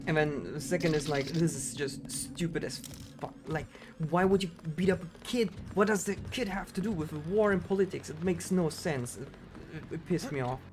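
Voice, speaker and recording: Rambling male streamer over game music. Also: on the high side. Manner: rambling, with many fillers and self-interruptions. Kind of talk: casual chat while speedrunning a game.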